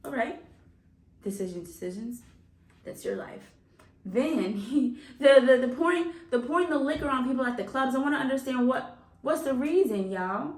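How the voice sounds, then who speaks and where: A woman's voice: high voice, lively intonation, normal speed, a little mellow. A woman hosting a music reaction video, chatting casually and laughing often as she talks straight to her viewers. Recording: roomy sound from a distance off the mic.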